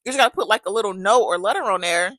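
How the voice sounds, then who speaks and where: A woman's voice: medium pitch, very fast, a bit bright, dry recording, poor audio. A woman podcast host, telling a friend's story in casual chat and acting out both sides of the conversation.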